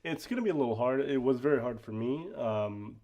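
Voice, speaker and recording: Male podcast co-host, stuffy congested nose, relaxed and chatty, lots of ums. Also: mid-range voice, brisk. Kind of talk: casual chat.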